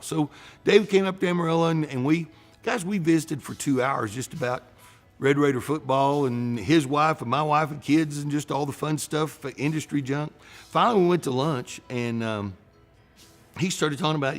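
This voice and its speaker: A middle-aged man, a banker telling a story in an animated way. He acts out the dialogue and often restarts his words. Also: fairly high pitch, normal speed, soft background music. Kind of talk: storytelling talk.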